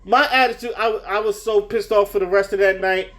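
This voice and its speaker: A man's voice: high-pitched, steady tone, fairly quick, fairly bright tone. A young man telling a story in a casual, rambling way, swearing freely and sounding heated. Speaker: vlogger.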